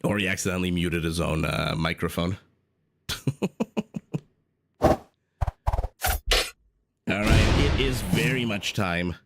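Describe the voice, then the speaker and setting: A man's voice: sits low, steady tone, takes it slowly, gravelly, long pauses, background noise. A man casting a strategy game live on stream, playful and chatty, coughing along the way. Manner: playful, chatty, teasing himself. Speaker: esports caster. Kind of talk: live game commentary and casual stream chat.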